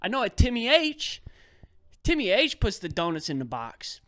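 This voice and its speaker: A man's voice: high-pitched, huge pitch swings, moderate pace, a bit bright, no echo, clean studio sound. A young man hosting a podcast, telling a rambling, exasperated story in casual slang. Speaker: podcast host. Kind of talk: casual comedic rant.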